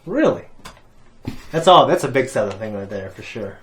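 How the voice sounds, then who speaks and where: Guy hosting a chill chat, mid-pitched voice, laughs a lot, says like a lot. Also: normal speed, crowd noise. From Ohio. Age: adult parent. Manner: animated, laughing, storytelling with lots of fillers. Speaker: reaction channel host. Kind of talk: casual chat.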